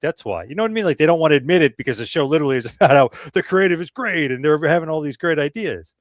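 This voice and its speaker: A man co-hosting a podcast, talking in an animated, casual way with lots of "like.". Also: mid-range voice, dry recording. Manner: animated, fast, many "like"s. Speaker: podcast co-host. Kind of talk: casual podcast review chat.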